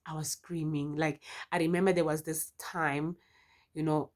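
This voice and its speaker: A South African woman with a South African accent telling a personal story in a casual vlog, expressive and full of exclamations. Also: low-pitched, moderate pace. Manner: expressive, exclamatory, frequent "yo" interjections. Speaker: YouTuber.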